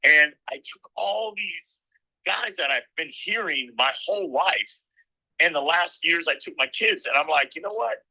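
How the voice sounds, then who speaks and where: Middle-aged guy announcer telling old stories, super bright sharp voice, rambles and acts out what people said. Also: fairly high pitch, measured pace, poor audio. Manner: rambling anecdotes, acting out quoted lines. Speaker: motocross race announcer. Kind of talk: casual storytelling interview.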